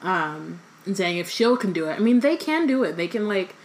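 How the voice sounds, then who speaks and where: A young woman in relaxed casual chat, easygoing and quick to laugh, with plenty of "um" and "like". Her voice sits at an ordinary middle pitch. A faint hiss of background noise sits under her. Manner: easygoing, laughs often, fillers like "um" and "like". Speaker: podcast co-host.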